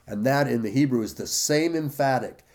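A man preaching a sermon, slow and emphatic, stressing and repeating key phrases while reading scripture aloud. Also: medium pitch, a little mellow. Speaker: pastor.

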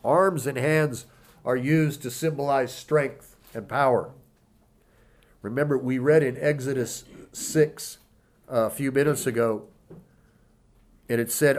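A man delivers a sermon with a middle-pitched voice. He reads scripture aloud slowly and with weight, then eases into plain, conversational explanation. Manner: emphatic scripture reading, slowing for key words. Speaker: preacher.

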